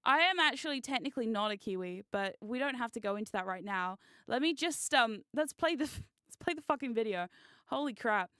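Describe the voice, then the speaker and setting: A woman streamer chatting casually on a live stream, excitable and giggly, swearing freely. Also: a little high, a little fast, smooth, dry recording, clean studio sound. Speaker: VTuber streamer.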